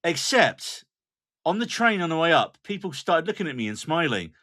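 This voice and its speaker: A man's voice: on the high side, very animated, moderate pace, pushed and bright. Chatty man hosting a podcast. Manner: chatty, self-mocking anecdotes, steers the topics. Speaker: podcast host. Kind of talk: casual chat.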